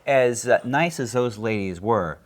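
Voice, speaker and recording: Wry co-host man with a lively voice. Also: medium pitch, a little slow. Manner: wry, joking prompts. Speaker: podcast co-host. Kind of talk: casual interview chat.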